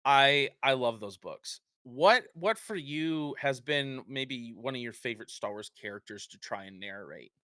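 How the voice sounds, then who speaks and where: A man's voice: medium pitch, animated, unhurried, few pauses, pushed and bright, dry recording, clean studio sound. A man hosting an interview, chatting eagerly like an enthusiastic fan. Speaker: host. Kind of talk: casual interview chat.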